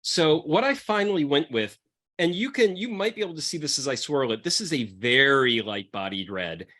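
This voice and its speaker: A man's voice: a little high, animated, moderate pace, fairly bright tone. A man hosting a podcast, chatting loosely and profanely about wine. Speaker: podcast host pairing wines with comics. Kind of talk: casual chat.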